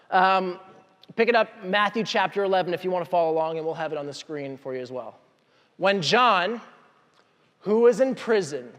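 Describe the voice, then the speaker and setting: A man preaching a sermon as a pastor, telling the story with animated asides and acted-out voices. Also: sits high, long reverb tail. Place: church hall.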